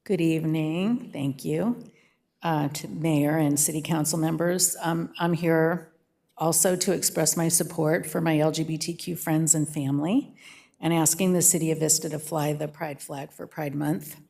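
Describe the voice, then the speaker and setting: An older woman reading a measured, prepared public comment at a council podium. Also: sits low, steady tone, creaky, mellow. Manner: measured, read-from-notes delivery. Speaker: church social justice co-chair.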